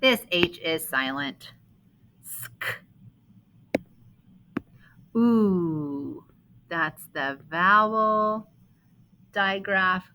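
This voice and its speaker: A woman's voice: on the low side, expressive, drawn-out words, noisy background. A woman teaching a phonics lesson to young children, patiently sounding out words and spelling rules.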